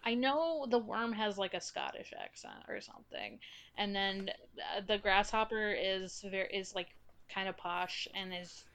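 A young woman co-hosting a podcast in casual chat, expressive and quick to laugh. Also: mid-range voice, clean tone. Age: young adult. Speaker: podcast co-host.

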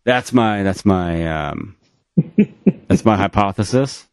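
A man's voice: low-pitched, slow, clear, resonant tone, no echo, clean studio sound. A man co-hosting a podcast in casual chat, rambling with many fillers and restarts over a remote call. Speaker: podcast co-host.

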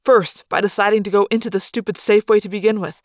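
A woman narrating a fan-made audiobook in the first person with steady, clear storytelling. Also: medium pitch, fast talker, hardly any pauses, no echo, studio quality.

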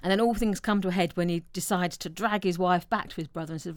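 Woman, film podcast co-host, smooth clear voice, dry close sound, lowish pitch, animated retelling. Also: quick pace, dry recording. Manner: animated storytelling, acts out quotes. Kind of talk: casual film discussion.

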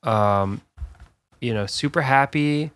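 A man's voice: medium pitch, slow, a bit bright, smooth, no room sound. A man co-hosting a podcast, relaxing into a long story with lots of fillers and laughs. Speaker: podcast co-host. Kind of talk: casual chat, storytelling.

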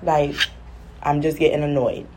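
Woman vlogger, lowish mellow voice, chatty exasperated rambler. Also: flat delivery, measured pace. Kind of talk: casual chat.

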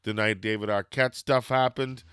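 A man from Canada telling a casual story on a podcast, animated and swearing as he acts out what people said. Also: fairly low pitch, normal speed, smooth, no echo, studio quality.

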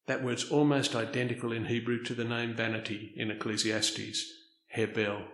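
A man's voice: medium pitch, flat delivery, normal speed. Emphatic male preacher in an echoey room. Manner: emphatic, rising and dropping between loud stresses and soft asides. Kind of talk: sermon.

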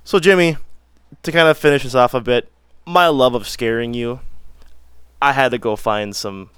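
A man's voice: medium pitch, moderate pace, fairly bright tone, smooth, dry recording. A man hosting a casual podcast chat, loose and joking with crude humor. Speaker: podcast host.

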